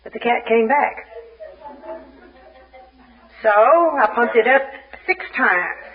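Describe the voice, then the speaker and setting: A woman's voice: on the high side, takes it slowly. A woman from Arkansas giving a humorous personal share at a recovery meeting, acting out scenes as she talks. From Little Rock, Arkansas. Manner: animated, comic storyteller who acts out scenes. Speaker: speaker at a recovery fellowship meeting. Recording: dull lo-fi archive tape.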